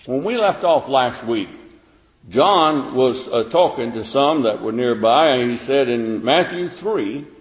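A man's voice: mid-range voice, animated, unhurried. A man preaching a sermon as pastor, reading scripture and explaining it in a conversational way with many fillers. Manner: conversational, frequent "uh" fillers and restarts. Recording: echoey hall, dull lo-fi sound.

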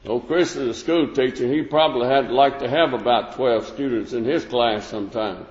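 A man's voice: medium pitch, moderate pace, a little mellow. A man teaching a plain-spoken Bible lesson, folksy and full of restarts. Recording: echoey hall, dull lo-fi sound.

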